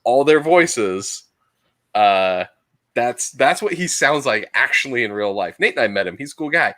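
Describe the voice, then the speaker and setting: Animated podcast dude, swoops up and down a lot, jokey. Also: male voice, medium pitch, measured pace. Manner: animated, jokey, laughs through stories. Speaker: podcast co-host. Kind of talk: casual chat.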